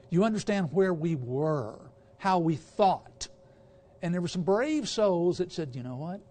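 Emphatic guest preacher, man, high and lively, quizzes the congregation, stumbles now and then. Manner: emphatic, asks the congregation questions, stumbles over words. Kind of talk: sermon.

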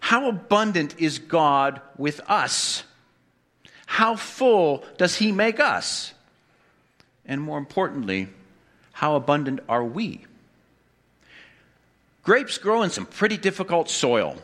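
Speaking slowly in a bright, slightly high, sing-song voice, a male pastor pauses often during his sermon. He poses questions to the congregation and drops in wry humor along the way.

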